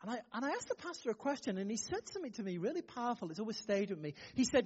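A man preaches in a warm, conversational way, asking his listeners one question after another. His voice swings widely in pitch. The recording sounds somewhat dull and lo-fi. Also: racing, few pauses, slightly rough. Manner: lively, conversational preaching with frequent rhetorical questions. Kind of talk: sermon.

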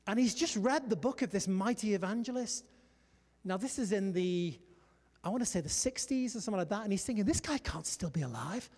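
A male pastor preaching in an animated storytelling style, often calling out to his congregation. His voice sits high for a man. The sound rings with the long reverb of a church hall. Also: a little fast. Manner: storytelling, animated preaching with "come on" and "amen" calls. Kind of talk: sermon.

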